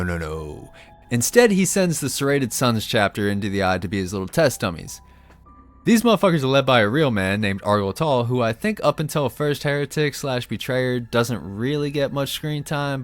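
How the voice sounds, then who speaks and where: Animated, profane male lore ranter. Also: mid-range voice. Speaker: YouTube lore commentator. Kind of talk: comedic lore rant.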